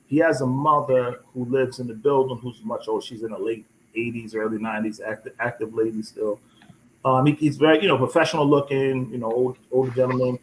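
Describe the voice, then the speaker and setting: A man hosting a casual live chat, telling a rambling story with many restarts and repeated words, lively when he quotes people. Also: medium pitch, brisk, slight background noise, poor audio. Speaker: host.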